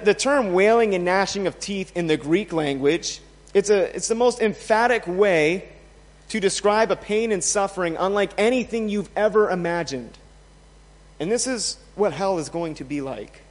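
High-voiced man preaching in a reverberant hall. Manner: emphatic, rhetorical questions, swings loud and soft. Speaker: pastor. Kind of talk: sermon. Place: church in a large hall.

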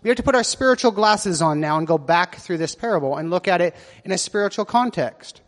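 A man's voice: sits high, expressive, a little fast, long reverb tail. A man preaching a sermon, reading scripture aloud and asking his listeners questions as he explains it. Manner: asks the listeners questions, reads verses with voiced quotes.

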